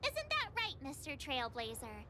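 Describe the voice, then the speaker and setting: A woman's voice: high voice, huge pitch swings, moderate pace, noisy background. An actress voicing a chirpy, upbeat young woman in game dialogue, bubbly and teasing.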